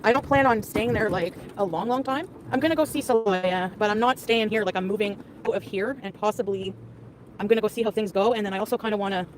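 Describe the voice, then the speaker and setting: A woman's voice: medium pitch, fast talker. Rambling woman livestreaming on a scooter. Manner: rambling, talks loudly over traffic. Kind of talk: casual live chat while out and about. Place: outdoors on a scooter in traffic.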